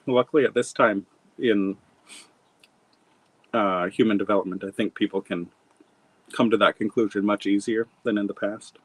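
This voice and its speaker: This middle-aged man from Montana, an author being interviewed, talks at a moderate pace in a fairly low, slightly rough voice with fairly even intonation and frequent pauses. His telling is rambling and reflective, with many fillers and restarts, and the recording is low quality.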